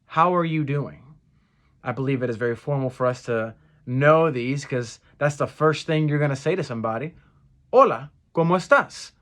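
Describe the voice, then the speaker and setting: A young man giving a casual spoken lesson for a church group, earnest and repeating each phrase slowly so listeners can practice. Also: mid-range voice, a bit bright. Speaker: church language teacher.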